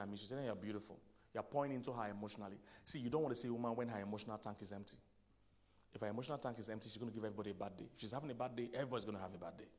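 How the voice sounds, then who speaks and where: A man, a pastor giving a humorous sermon to men, conversational, laughing at his own punchlines and dropping to near-whispers for asides. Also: mid-range voice. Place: church conference hall.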